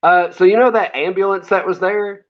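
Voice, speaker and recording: A male interview guest tells stories in a casual, laid-back chat, rambling with fillers and little laughs. His voice is high and his pace moderate, on a dull, lo-fi recording.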